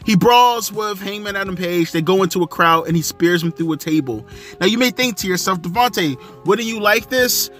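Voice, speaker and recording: High-voiced, ranting young man. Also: fairly quick, a bit bright, faint music behind. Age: young adult. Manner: angry, sarcastic, heavy swearing. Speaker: wrestling show reviewer. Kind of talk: profane ranting show review.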